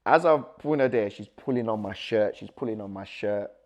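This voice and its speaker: A young man telling a personal story as a guest, animated and acting out the dialogue, with nervous laughs. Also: fairly low pitch, a little fast.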